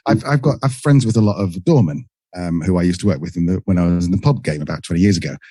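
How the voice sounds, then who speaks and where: A middle-aged British man with a low, dark, husky voice chats as a podcast guest. His pitch swings widely as he tells stories and acts out little quoted exchanges, and the dry recording keeps him close. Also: quick pace, dry recording. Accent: British English. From England. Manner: lively storyteller who acts out quoted exchanges. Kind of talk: casual conversational interview.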